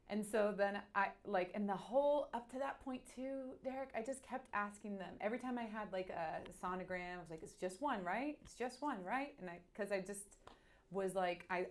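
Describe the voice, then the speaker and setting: A woman, candidly telling a personal story in a halting, animated way full of restarts. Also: medium pitch. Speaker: guest.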